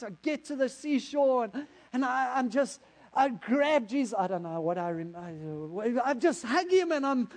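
Impulsive Peter the fisherman, a grown man recounting his own story in the first person, as a preacher takes on the role. His voice sits a little high for a man, and the telling swells into excited outbursts. It sounds like a dramatic sermon monologue. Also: poor audio.

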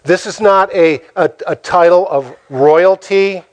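Dramatic preaching man, higher voice. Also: takes it slowly. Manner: dramatic, rhetorical questions, acts out quotes. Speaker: pastor. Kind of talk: sermon.

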